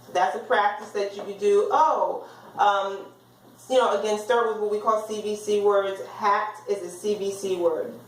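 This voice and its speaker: A woman teacher explaining reading skills in a class lecture, sounding out words slowly. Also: medium pitch, fairly even intonation. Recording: roomy, from far off the mic.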